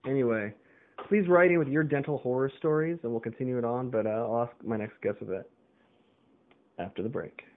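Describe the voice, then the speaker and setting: A man's voice: mid-range voice, fairly quick. Rambling man on a tinny line. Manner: rambling rant with fillers and swearing. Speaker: podcast host. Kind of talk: casual rambling monologue. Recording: tinny phone-like sound.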